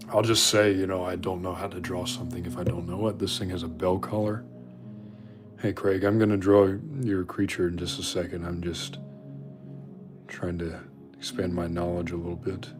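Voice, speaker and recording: Deep-voiced man chatting while he draws. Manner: rambling, self-deprecating, chatting to viewers. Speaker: artist drawing viewer requests on a stream. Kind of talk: casual chat while drawing.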